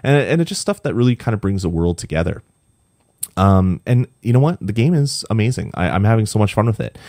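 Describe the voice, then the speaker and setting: A man's voice: lowish voice, expressive, brisk, warm tone, no room sound, clean studio sound. A young man chatting casually on a podcast, rambling with lots of ums and restarts, tired late at night. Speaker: podcast co-host reviewing a game.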